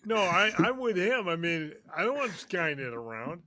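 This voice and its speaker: Joking, slightly high-voiced man. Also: sing-song, moderate pace, crowd noise. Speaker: panelist. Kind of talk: casual panel chat.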